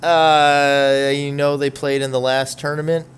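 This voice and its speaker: A man's voice: on the high side, level tone, a little slow, smooth. Chatty man hosting a gaming podcast. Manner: chatty, opinionated, rambling. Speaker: podcast host. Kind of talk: casual esports podcast chat.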